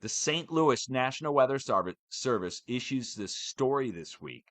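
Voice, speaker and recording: A man, the host of his own channel, talks through a loose, animated update. He rants and swears freely at a middling pitch. The sound is dry and close, with no room around him. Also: normal speed, no echo. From United States. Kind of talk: casual ranting update.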